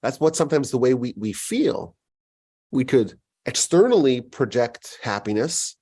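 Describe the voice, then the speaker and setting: A man giving a Torah lecture as a rabbi, animated and acting out quoted voices. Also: normal speed. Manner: animated, acts out quoted voices with big pitch jumps.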